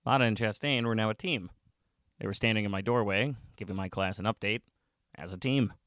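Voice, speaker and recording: A man's voice: fairly low pitch, brisk, a bit bright, dry recording, clean studio sound. A man narrating a comic story in the first person, with wry, self-mocking asides.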